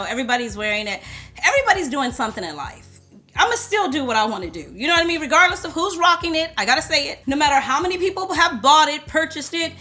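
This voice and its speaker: Bright, loud, chatty woman. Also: high voice. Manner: chatty and playful, talks loud. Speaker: perfume reviewer. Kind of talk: casual chat to camera.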